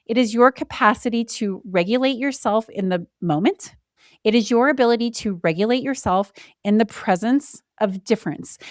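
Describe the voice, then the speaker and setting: A woman hosts a solo podcast, speaking in an earnest, reflective voice of middling pitch. She often slows right down and leaves pauses to land a point. The sound is dry and close, with no room echo. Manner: candid and emotional, with brief laughs. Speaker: podcast host.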